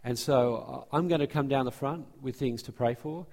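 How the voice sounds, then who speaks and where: A man's voice: medium pitch, moderate pace, darkish tone. A man preaching a sermon and giving church announcements as pastor, speaking earnestly and often restarting his phrases. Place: church sanctuary. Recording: long hall reverb from a church.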